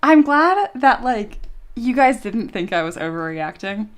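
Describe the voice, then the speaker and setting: A woman's voice: a little high, big pitch swings, unhurried. A young woman chatting casually on a live stream, giggly and self-mocking, swearing freely as she reads chat. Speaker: streamer and 3D sculptor.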